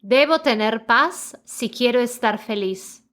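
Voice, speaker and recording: A woman reads example sentences aloud for learners, saying each one twice with careful pronunciation. Her voice sits a little high. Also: expressive, moderate pace, a bit bright. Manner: careful, repeated model pronunciation. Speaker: native-speaker example reader.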